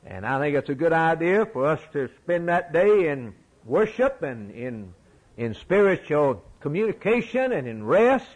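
A man's voice: fairly high pitch, low-quality recording. A middle-aged man preaching a sermon in a folksy, emphatic way, repeating his key phrases.

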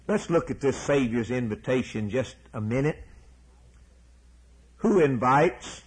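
A man's voice: mid-range voice, lively intonation, measured pace, pauses often, slightly rough, rough recording. A man preaching a sermon, emphatic and repeating key words, then closing in a prayer.

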